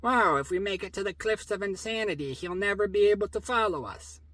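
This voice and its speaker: A man voicing a small, scheming, sneaky man who talks quickly. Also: high voice, a bit bright, no room sound, poor audio.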